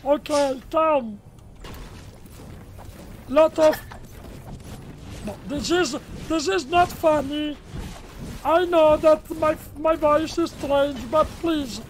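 An Italian man putting on a strange high voice in game chat, speaking slow, broken English and repeating his words. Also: slight background noise. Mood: pleading. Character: man with strange squeaky high voice, pleading and earnest. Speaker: gaming YouTuber. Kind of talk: prank voice in online game chat.

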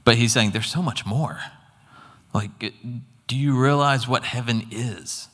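A man's voice: medium pitch, unhurried, fairly bright tone. A man giving an earnest, conversational sermon testimony with casual asides. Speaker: preacher. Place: church hall. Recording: long hall reverb.

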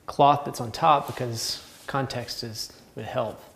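A man's voice: medium pitch, fairly even intonation, slow. A man with a Southern American accent, a painting instructor chatting casually while he paints, rambling and laughing often.

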